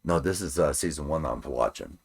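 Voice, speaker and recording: A man with an extremely deep, gravelly voice talks casually as a podcast co-host. He speaks bluntly, mostly in short agreeing replies, and sometimes retells scenes at length. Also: a little fast. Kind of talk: casual chat.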